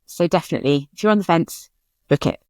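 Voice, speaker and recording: A woman's voice: on the low side, fast talker, a little mellow, no room sound, studio quality. A woman co-hosting a writing podcast in casual chat, candid and chatty. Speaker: podcast co-host.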